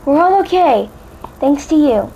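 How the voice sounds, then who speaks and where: A woman's voice: sits high, animated, measured pace, warm tone, slight background noise, pitched above the performer's own voice, rough recording. A woman voicing an earnest, caring young female unicorn pony with a raised, eager voice. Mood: reassuring.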